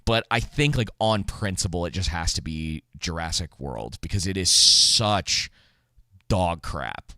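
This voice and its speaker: A man's voice: low voice, animated, a little slow, sharp tone, no room sound, studio quality. A man co-hosting a casual movie podcast, rambling with frequent laughs and restarts. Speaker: podcast co-host.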